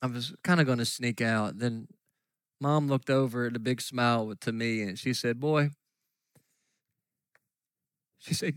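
Earnest pastor preaching, dry sound. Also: male voice, medium pitch, a little slow, long pauses, clear, resonant tone, dry recording. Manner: earnest storytelling, drops to soft near-whispers. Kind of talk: sermon.

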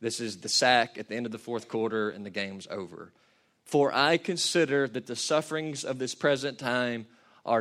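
A man preaching a passionate sermon, building from quiet reflection to shouted peaks. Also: mid-range voice, moderate pace. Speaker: pastor.

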